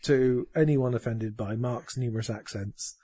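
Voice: mid-range voice, moderate pace, dark tone, breathy edge. A podcast host in casual chat, joking and laughing often while talking over the others.

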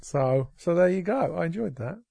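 Man, podcast co-host, gravelly, husky, dry sound, sweary, sarcastic, rambling. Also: a little high, expressive, moderate pace, warm tone, no echo. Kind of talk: casual chat.

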